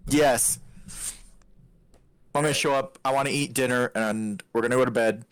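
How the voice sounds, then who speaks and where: A man playing a tabletop game on a stream, joking and talking in quick bursts. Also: medium pitch, steady tone, smooth, dry recording. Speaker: player. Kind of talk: casual game chat.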